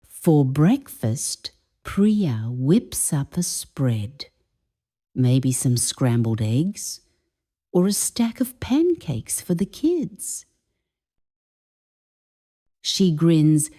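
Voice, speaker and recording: Slow, mellow-voiced woman teaching slang. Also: lowish voice, sing-song. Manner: slow, deliberate, explanatory. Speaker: English teacher. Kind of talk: scripted lesson narration.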